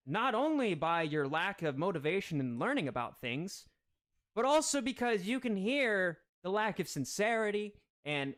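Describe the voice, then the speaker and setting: A man with a high, somewhat bright voice hosts a livestream and launches into a profane, confrontational rant.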